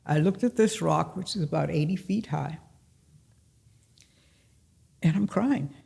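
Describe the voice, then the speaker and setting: An older man tells a true story aloud at a library gathering, taking his time over each phrase. His voice is gravelly with a fairly high pitch for a man, and he slips into the voices of the people in his story. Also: warm tone. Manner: unhurried, plain-spoken, acts out the dialogue. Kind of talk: personal storytelling at a live event. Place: public library event room.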